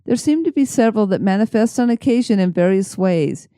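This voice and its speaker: A woman co-hosting a podcast, reading scripted narration in a measured, even way. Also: mid-range voice, dry recording, studio quality. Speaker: podcast co-host.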